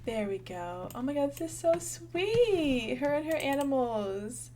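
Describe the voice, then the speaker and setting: A young woman hosting a gaming channel offers casual, bubbly commentary on her gameplay, thinking out loud and chatting with viewers. Her high-pitched, mellow voice is very animated but unhurried. There's slight background noise.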